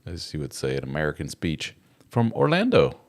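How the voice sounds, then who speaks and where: Deep-voiced chatty man hosting a live stream. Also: huge pitch swings, normal speed. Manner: chatty, jokey, reads viewer comments aloud. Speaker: host of a live chat show. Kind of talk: casual live-stream chat.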